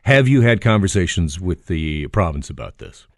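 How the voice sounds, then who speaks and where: A man hosting a talk radio show, animated and jokey, with frequent restarts. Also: deep voice, normal speed, no room sound, studio quality.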